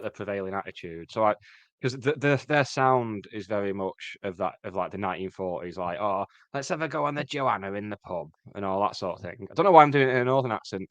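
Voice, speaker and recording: A man co-hosting a podcast in casual chat, with wry deadpan quips. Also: on the low side, no room sound, lo-fi sound. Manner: wry, deadpan quips, mock newsreader delivery. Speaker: podcast co-host.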